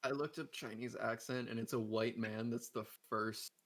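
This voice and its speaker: A young man player in a casual online tabletop game, dry and jokey with a mid-range voice. He drops blunt, profane remarks in a flat, unbothered way. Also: medium pitch, normal speed. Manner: deadpan, joking and profane. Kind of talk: casual tabletop play over a call.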